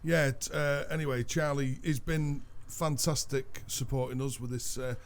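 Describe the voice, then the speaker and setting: A man's voice: medium pitch, fairly even intonation, moderate pace. A man hosting a podcast, bantering casually with a co-host, swearing and teasing.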